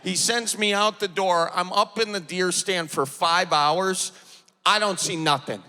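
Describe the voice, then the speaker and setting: A man in his thirties with a Wisconsin accent, doing animated stand-up storytelling on a large theater stage. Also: high voice, measured pace. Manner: animated, shouting punchlines. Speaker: stand-up comedian. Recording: live theater, long reverb, crowd.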